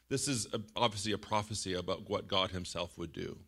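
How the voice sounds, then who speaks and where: A middle-aged man preaching a sermon, lively and animated, shouting out quoted lines and laughing often. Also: low-pitched, fairly quick, gravelly, hardly any pauses, breathy edge. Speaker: pastor.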